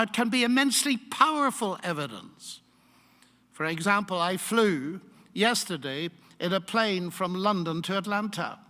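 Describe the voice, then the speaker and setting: A man's voice: high voice, sharp tone. Older man lecturing in an echoey hall. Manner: emphatic, measured, argumentative. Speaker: guest lecturer. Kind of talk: public lecture.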